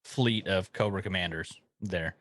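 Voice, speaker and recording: A man's voice: low voice, a little slow, fairly bright tone, no room sound, studio quality. A man co-hosting a podcast, chiming in with short replies and jokes in casual chat. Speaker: podcast co-host.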